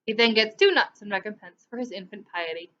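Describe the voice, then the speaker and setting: A woman's voice: medium pitch, brisk, sharp tone, dull audio, close to an everyday voice. A woman voicing a stern, pious middle-aged clergyman who lectures severely. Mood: stern lecturing.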